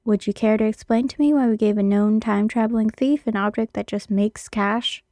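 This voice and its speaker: A woman's voice: fairly high pitch, fairly even intonation, brisk, mellow, no room sound, close to an everyday voice. A woman voicing Hardison, a sarcastic, exasperated male hacker, in a read-aloud story. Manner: incredulous, complaining.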